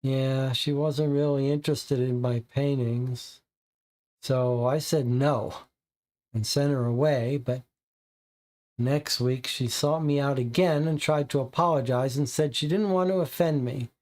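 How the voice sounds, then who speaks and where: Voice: medium pitch, fairly even intonation, a little mellow, lightly acted. A reader voicing a nervous, frightened teenage boy witness who stammers and stumbles over his words. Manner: halting, stammering.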